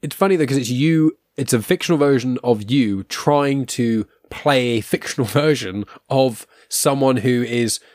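A man's voice: medium pitch, a little slow, few pauses, darkish tone, no room sound, studio quality. A young man hosting a podcast, chatting casually with a rambling, self-deprecating manner, full of fillers and restarts. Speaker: podcast host.

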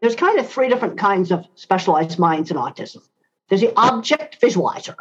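A woman's voice: mid-range voice, very animated, fairly quick, husky. An older woman answering interview questions in a blunt, emphatic way, repeating key points. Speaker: interview guest. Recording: slightly dull lo-fi sound.

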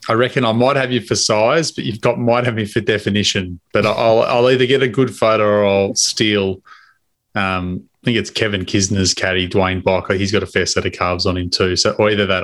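A man co-hosts a casual podcast in a low voice. He is easygoing and chatty, and sometimes restarts his sentences. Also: fairly even intonation, fast talker, a bit bright. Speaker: podcast co-host.

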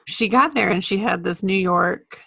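A woman co-hosting a podcast, casually telling stories and trivia in a relaxed way. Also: mid-range voice, normal speed, gravelly, husky, dry recording, clean studio sound. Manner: relaxed storytelling, sharing facts with soft laughs. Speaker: podcast co-host. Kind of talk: casual chat.

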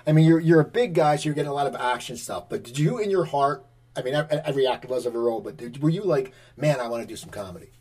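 Husky, higher-voiced host off-mic. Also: male voice, expressive, darkish tone. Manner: quick, rambling questions with restarts. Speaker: podcast host. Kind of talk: interview questions. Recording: distant mic.

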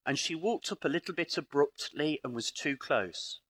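A man's voice: on the high side, lively intonation, normal speed, a bit bright. A middle-aged British man speaking at a live conference in a parish hall, telling stories with dry humour and acting out the dialogue. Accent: British English. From Britain. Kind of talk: lively live conference talk.

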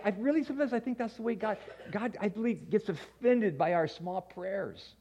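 Animated, higher-pitched male pastor preaching. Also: a little fast, slightly rough. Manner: animated, swings from loud to soft, stammers on restarts. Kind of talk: sermon. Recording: dull lo-fi sound.

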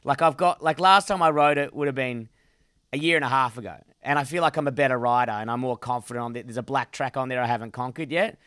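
A man, co-hosting a podcast in brash, excitable casual chat with heavy swearing. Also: mid-range voice, fast talker, clean tone, no echo, studio quality. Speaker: podcast co-host.

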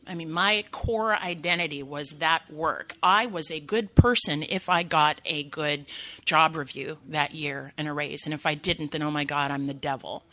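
A woman's voice: deep voice, unhurried, pushed and bright, no echo. A woman in her thirties from California, speaking at a recovery meeting and telling her story with candid, self-deprecating humor. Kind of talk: personal recovery testimony.

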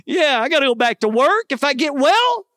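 A man's voice: very high voice, sing-song, moderate pace, a bit bright, no echo. Earnest man preaching, dry sound. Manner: earnest, conversational preaching with folksy asides. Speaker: pastor. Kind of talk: sermon.

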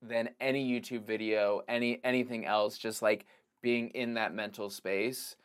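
A man's voice: fairly low pitch, fairly even intonation, unhurried, clear, resonant tone. A man talking as a podcast guest about filmmaking and acting, rambling loosely with lots of "like" and restarts. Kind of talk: casual conversation.

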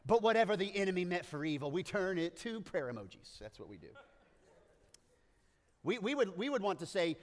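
A man preaching a sermon, joking and animated, with playful asides and frequent stammering restarts. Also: fairly high pitch, a little fast, long reverb tail. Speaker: pastor.

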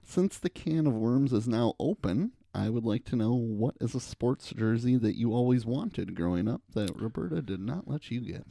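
A man in his thirties co-hosting a casual podcast, relaxed and reminiscing about his youth. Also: mid-range voice, normal speed, gravelly, few pauses, no echo. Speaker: podcast co-host. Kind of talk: casual chat.

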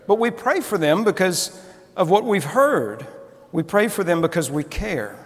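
A man's voice: sits high, sing-song, measured pace, in a large hall. A male pastor preaching a sermon in a conversational, storytelling manner with frequent restarts.

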